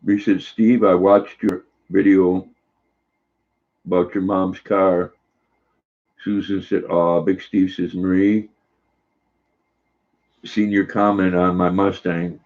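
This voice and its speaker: An older man with a lowish voice talks in an unhurried, folksy way as he hosts a casual chat stream. He reads comments aloud and turns to coo softly at his dog. The sound is a bit dull and lo-fi. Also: level tone. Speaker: livestream host.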